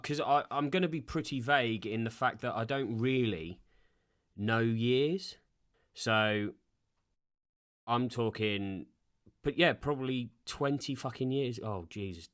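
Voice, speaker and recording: A man's voice: medium pitch, slow pace, no room sound, studio quality. A man in his thirties hosting a solo podcast, rambling in a casual, sweary and self-deprecating way. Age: 30s. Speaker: podcast host. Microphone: podcast microphone.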